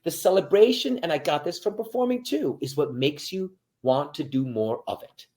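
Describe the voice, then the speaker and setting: With a fairly high, expressive male voice at a moderate pace, a veteran of the military gives motivational talk as an interview guest, speaking directly to his audience and moving from quiet to loud.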